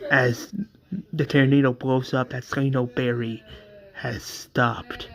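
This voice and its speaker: A man casually retelling a fan story, rambling, repetitive and halting. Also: mid-range voice, flat delivery.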